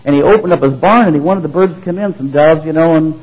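A man's voice: fairly high pitch, fast talker, muffled recording. A man preaching a sermon as pastor, telling stories and acting out the voices in them. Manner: animated storytelling, acting out voices.

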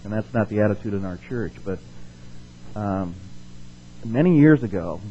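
A man's voice: lowish voice, lively intonation, moderate pace, mellow, muffled recording, a little hiss or hum. A man preaching a sermon as pastor, reading scripture aloud with rising force and putting questions to his congregation.

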